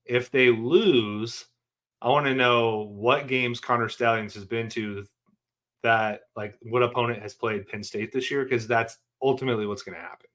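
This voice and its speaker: A man's voice: medium pitch, moderate pace. A man co-hosting a sports podcast, chatting casually and animatedly with jokes. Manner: animated, joking, trailing off into fillers. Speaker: podcast co-host.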